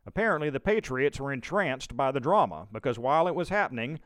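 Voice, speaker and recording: A man narrating a scripted historical audio tour in a measured, steady reading voice. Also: medium pitch, no room sound. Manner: measured, steady reading with brief quoted shouts.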